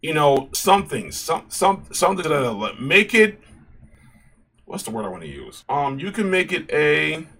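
A man's voice: a little high, moderate pace. A man hosting his own video channel, talking casually and passionately about superhero films, often restarting and repeating himself. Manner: passionate, animated, with frequent restarts and repeated phrases. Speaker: YouTube commentary host. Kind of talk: casual opinion commentary.

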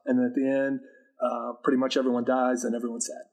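A man, the new guest on a podcast, giving a jokey, rambling, deadpan movie recap in a casual chat. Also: medium pitch, quick pace.

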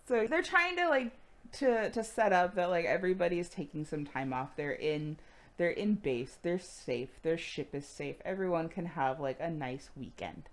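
A woman's voice: on the low side, normal speed. A woman co-hosting a podcast, recapping casually with lots of swearing and laughter. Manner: profane, animated, acts out characters with laughs. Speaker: podcast co-host.

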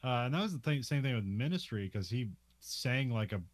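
A man's voice: medium pitch, animated, fairly quick, no echo. A man co-hosting a casual movie podcast, rambling with fillers and laughs. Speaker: podcast co-host.

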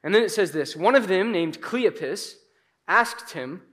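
Male pastor with a high voice, conversational and animated sermon delivery, dramatic pauses.

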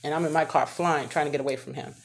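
Low-voiced woman, halting and emotional. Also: fairly even intonation, gravelly. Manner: halting and emotional, with many restarts. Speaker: vlogger telling her own story. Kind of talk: personal testimony to camera.

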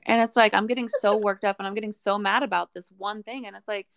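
A woman's voice: mid-range voice, fairly even intonation, quick pace, gravelly, fairly bright tone, no room sound, clean studio sound. A young woman hosting a podcast, talking in a casual, blunt way and swearing freely. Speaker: podcast host. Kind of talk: casual chat.

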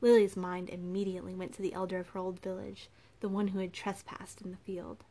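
Reading scripted audiobook narration, this medium-pitched woman keeps her storytelling steady and measured.

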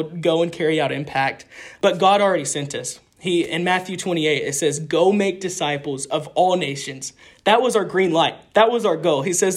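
A young man, a street evangelist, telling stories of his ministry in an earnest, animated way with frequent restarts. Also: on the high side. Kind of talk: casual interview storytelling.

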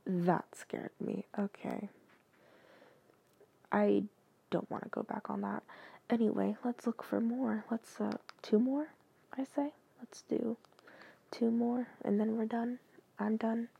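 A woman's voice: on the high side, fairly even intonation, takes it slowly, creaky, long pauses, warm tone, slightly rough, dry recording. A woman hosting a casual copypasta reading, talking hesitantly with many fillers and asides.

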